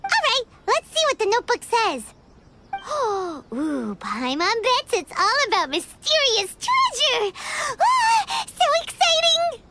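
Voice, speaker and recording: A woman voicing a tiny, chirpy and excitable fairy companion in a video game, with a high squeaky voice and a habit of talking about herself in the third person. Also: slow, very noisy, exaggerated voice. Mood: excited. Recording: game audio with background music. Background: game music.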